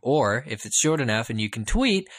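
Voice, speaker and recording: A man's voice: mid-range voice, very animated, normal speed, a bit bright, no echo, studio quality. A man hosting a podcast, giving upbeat announcements in casual chat. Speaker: podcast host.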